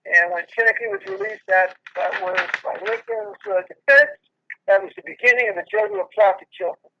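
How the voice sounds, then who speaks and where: A man's voice: high-pitched, huge pitch swings, fairly quick, vocal fry, muffled recording. A man speaking as an interview guest, emphatic and lecturing, acting out quoted dialogue as he tells stories. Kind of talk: conversational interview.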